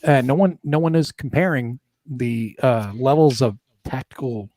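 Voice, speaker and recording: A man's voice: medium pitch, moderate pace, warm tone, no room sound. A man co-hosting a casual chat about wargames, rambling with fillers while reading the live chat. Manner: chatty, rambling with fillers and restarts.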